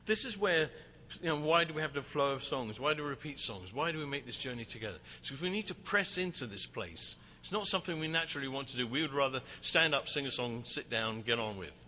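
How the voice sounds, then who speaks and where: Man, conference talk, bright forceful tone, long hall reverb. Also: medium pitch, fast, few pauses, slight background noise. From England. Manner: animated, acts out shouting crowd. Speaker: worship leader. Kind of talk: conference teaching with a story. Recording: reverberant hall, faint ambience.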